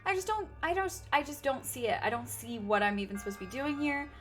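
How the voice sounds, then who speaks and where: A woman's voice: high-pitched, sing-song, fast, a bit bright, soft background music. A woman streaming a game, chatting casually with her viewers and thinking aloud, nursing a slightly sore throat. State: sore throat, sipping tea. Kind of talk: casual game livestream chat.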